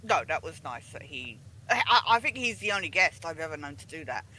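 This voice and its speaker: Animated voice telling rambling stories. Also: mid-range voice, brisk, poor audio. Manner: rambling storyteller with many fillers and restarts, animated. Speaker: co-host. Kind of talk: casual chat while gaming.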